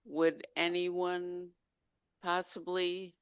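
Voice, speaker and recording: A woman's voice: on the low side, completely flat delivery, very slow, smooth, no room sound. A woman chairing a club meeting over a video call, hesitant with many fillers.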